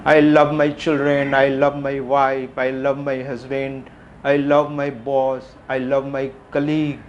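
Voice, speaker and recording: A middle-aged man giving a reflective public talk, asking questions and repeating phrases with frequent pauses. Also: mid-range voice, little pitch movement, highs cut off. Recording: faint background noise.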